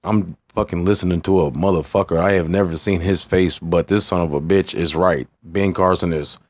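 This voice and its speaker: Deep-voiced rambling profane man. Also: steady tone, normal speed, no room sound. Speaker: vlogger. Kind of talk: casual rambling vlog.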